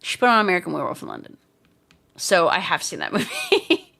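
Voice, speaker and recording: A woman's voice: on the low side, wildly swooping pitch, fairly quick, vocal fry, sharp tone. Chatty woman streamer reading chat. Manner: chatty, reads chat comments aloud. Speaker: live streamer. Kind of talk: casual livestream chat.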